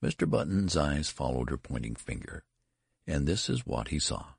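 A man narrating a literary story in an expressive, theatrical reading. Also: extremely low pitch, normal speed, gravelly, breathy edge, no room sound, studio quality. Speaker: audiobook narrator.

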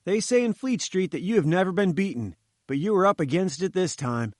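A man's voice: high voice, expressive, brisk, no room sound, clean studio sound, pitched above the performer's own voice. A man voicing a fat little pushy male journalist who sputters and bleats. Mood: pleading.

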